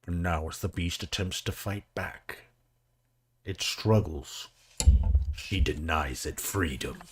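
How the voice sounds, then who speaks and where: A man voicing a mock nature-documentary narrator, speaking slowly and solemnly with dramatic pauses. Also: low-pitched, husky, voice pushed down, exaggerated voice.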